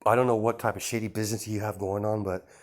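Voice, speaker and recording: A reader voicing a gruff man, a suspicious hero investigator who talks bluntly and accusingly, in an improvised fan story read-aloud. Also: medium pitch, fairly even intonation, quick pace, a little mellow, natural voice.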